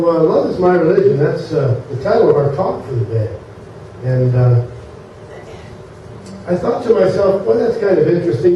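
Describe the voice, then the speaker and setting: A male minister giving a sermon in a casual, joke-telling way, often pausing with fillers as he speaks. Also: fairly high pitch, dark tone, slight background noise. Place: church sanctuary. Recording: echoey far-off dull sanctuary recording.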